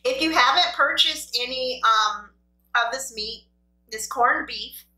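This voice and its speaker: A woman's voice: high voice, a little slow, sharp tone, distant mic. A woman hosting an eating video, chatting to her viewers in a rambling, self-deprecating way. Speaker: mukbang host. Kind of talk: casual chat while eating. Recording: echoey room.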